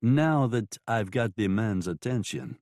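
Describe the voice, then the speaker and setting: A man voicing a sly, mocking saloon madam with a French accent in an audiobook, speaking slowly and smoothly. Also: fairly low pitch, expressive, a little mellow, no room sound, clean studio sound. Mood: taunting. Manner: smooth, taunting, slow and drawn-out. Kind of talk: audiobook character voice.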